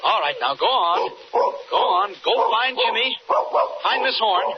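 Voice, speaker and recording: A man's voice: sits high, lively intonation, measured pace. An actor playing a heroic, commanding man calling out urgently in a 1940s radio drama, on an old recording. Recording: muffled old radio with crowd noise.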